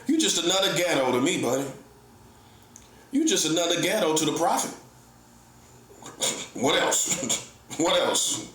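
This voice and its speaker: A man's voice: fairly high pitch, big pitch swings, slow pace, pauses often, a bit bright. Combative preaching man in an echoey room. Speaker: self-styled prophet. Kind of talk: heated online monologue.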